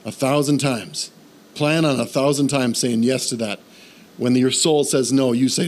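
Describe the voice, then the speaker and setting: A man with a mid-range voice speaks a little slowly as he preaches, telling a funny personal story with animated, self-deprecating humor. The sermon builds until he rises into a fervent call to faith.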